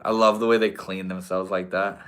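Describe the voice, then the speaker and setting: Deep-voiced and slightly bright, this man talks a little fast with a flat delivery. He's a livestream host at home, a bit tipsy, going through chat comments and sliding into spiritual reflections. Loose and profane, he keeps calling people bro and dude and breaks into preachy bursts now and then.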